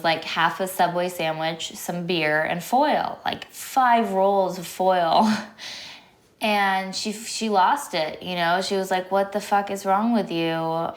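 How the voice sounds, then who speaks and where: A woman in her twenties speaking bluntly and frankly in an interview, with casual fillers. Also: fairly low pitch. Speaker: former reality TV star interviewee. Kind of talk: candid interview recollection. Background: music.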